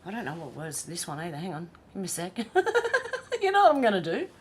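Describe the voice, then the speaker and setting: An Australian woman hosting a casual livestream, chatty and self-mocking and quick to laugh. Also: lowish voice, huge pitch swings. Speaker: livestream host.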